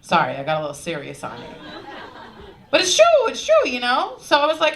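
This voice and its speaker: Young Long Island woman comic, brash and confiding, with a very animated pitch, recorded live in a noisy club. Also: normal speed, long pauses, far from the mic. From Long Island, New York. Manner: brash, confiding punchline delivery. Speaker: stand-up comedian. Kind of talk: stand-up comedy set. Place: comedy club stage.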